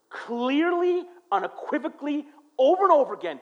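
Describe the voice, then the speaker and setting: Middle-aged male pastor, high and very animated sermon delivery, acts out quoted voices. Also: moderate pace, highs cut off. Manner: storytelling, lively voices for quoted people, swings from quiet to loud. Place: church.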